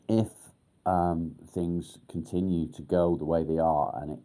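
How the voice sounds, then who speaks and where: A middle-aged man hosting a casual live stream, rambling with many pauses and casual swearing. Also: sits low, fairly even intonation, dark tone. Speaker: livestream host.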